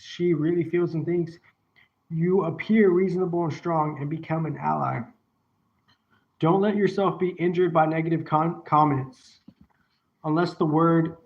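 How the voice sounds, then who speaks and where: A man reading advice aloud and breaking off into rambling, profane asides, sometimes repeating a phrase over and over like a chant. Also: a little high. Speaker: solo video host. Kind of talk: reading a text aloud and riffing on it. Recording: dull lo-fi recording.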